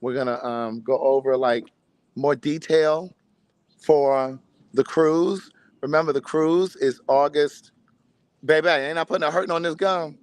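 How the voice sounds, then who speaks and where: A man hosts his own show from a friend's backyard, showy in scripted promo intros and loosely chatty on a casual phone live stream. His voice is on the high side and a little slow, with a clean tone and no echo.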